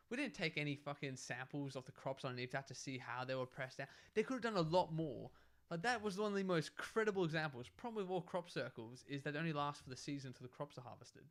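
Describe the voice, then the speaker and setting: Animated young man theorizing. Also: a little high. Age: young adult. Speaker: podcast co-host. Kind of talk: casual chat.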